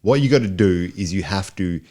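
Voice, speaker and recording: A man's voice: low voice, expressive, a little fast, dark tone. A man co-hosting a podcast, chatting about a film in a laid-back, wry way and offering facts. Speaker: podcast co-host. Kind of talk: casual movie review chat.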